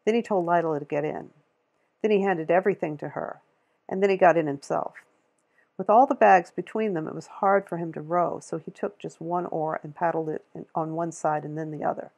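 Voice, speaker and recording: Female audiobook narrator, gravelly with vocal fry, measured reading. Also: fairly low pitch, steady tone, a little mellow, muffled recording. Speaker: audiobook reader. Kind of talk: reading a novel aloud.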